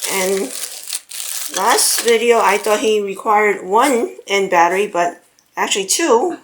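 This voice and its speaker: A woman narrating a casual home video, excitable and cooing baby talk to her pet bird. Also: mid-range voice, slow pace, a little hiss or hum, low-quality recording. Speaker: pet vlogger. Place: at home indoors.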